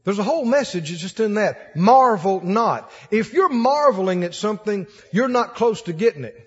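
A man from Mississippi, preaching a folksy, animated sermon with laughing asides. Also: high-pitched, brisk, breathy edge. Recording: dull lo-fi sound in a long-echo hall.

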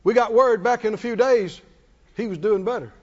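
High-voiced older preacher. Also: male voice, moderate pace. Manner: impassioned storytelling preacher, call-and-response. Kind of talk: sermon. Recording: echoey hall, dull muffled sound.

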